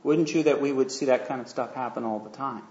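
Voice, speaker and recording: Speaking a little fast, this man has a medium-pitched, darkish voice with a little hiss or hum. He delivers a conversational sermon, telling a story full of fillers and frequent questions to his audience, in an echoey room with dull lo-fi audio.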